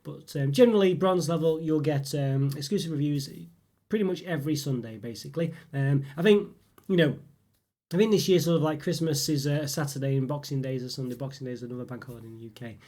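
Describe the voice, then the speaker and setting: A man hosting his channel, chatting casually in a rambling way with many fillers, his voice still a little rough from a cold. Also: a little high, fast, mellow. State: lingering cough, voice still rough. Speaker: channel host. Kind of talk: casual update chat.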